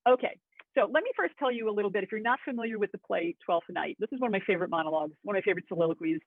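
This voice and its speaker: A woman's voice: medium pitch, racing, no room sound. A woman teaching acting in a webinar, chatty and enthusiastic, with asides to her class. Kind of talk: webinar lesson. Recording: tinny phone-like audio.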